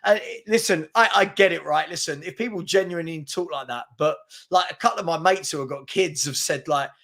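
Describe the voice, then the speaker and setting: A man co-hosting a football podcast, telling stories in a casual, excitable, incredulous way. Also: a little high, fairly quick. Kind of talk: casual chat.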